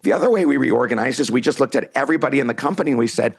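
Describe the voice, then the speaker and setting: Guesting on a podcast in a casual interview, a middle-aged man who is an author and CEO recounts a story and acts out quoted lines. The voice is mid-range, rapid-fire, gravelly and slightly rough.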